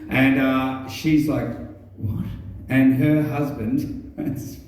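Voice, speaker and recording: A man's voice: mid-range voice, steady tone. Rambling Australian man telling a stand-up story. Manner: halting, many ums and restarts, swears freely. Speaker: stand-up comedian. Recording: very echoey room, mic far off.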